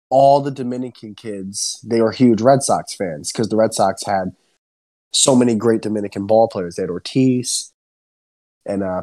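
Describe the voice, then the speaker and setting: Young man ranting in casual podcast talk. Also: on the low side. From Central New Jersey. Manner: animated, swears a lot, ranting. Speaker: podcast co-host. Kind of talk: casual chat.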